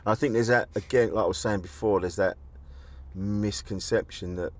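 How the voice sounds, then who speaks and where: Middle-aged host with a very deep voice, blunt and sweary, frank storyteller. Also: male voice, steady tone, moderate pace. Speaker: podcast host. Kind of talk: candid conversation. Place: car park.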